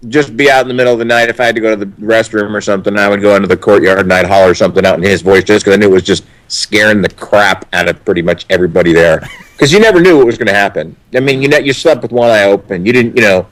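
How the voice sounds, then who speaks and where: Man telling animated stories. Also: fairly low pitch, very fast, rough recording. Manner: animated storyteller, frequent restarts and swearing. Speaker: actor interview guest. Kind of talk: casual anecdote telling.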